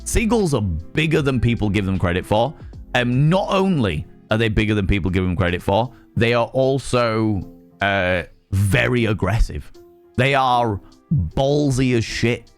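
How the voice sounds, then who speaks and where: A man's voice: mid-range voice, expressive, unhurried, soft background music. A young man streaming live, chatting casually with a jokey, profane, rambling manner as he reads chat aloud.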